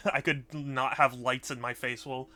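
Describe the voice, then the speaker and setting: A man's voice: medium pitch, steady tone, unhurried, pushed and bright, no echo. A man streaming a game who talks casually and often coos baby talk to his cat. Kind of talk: casual live-stream chat. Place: dim room indoors. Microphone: desk microphone on a stand.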